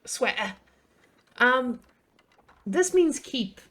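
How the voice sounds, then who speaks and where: A young woman commentating a strategy game on her live stream, excitable and chatty. She swears freely, laughs often and talks straight to her chat. Her voice sits fairly high. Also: drawn-out words.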